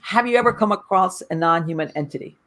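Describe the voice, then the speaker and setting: A woman's voice: lowish voice, quick pace, fairly bright tone. A woman hosting an interview, mostly reacting briefly and asking short questions. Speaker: host.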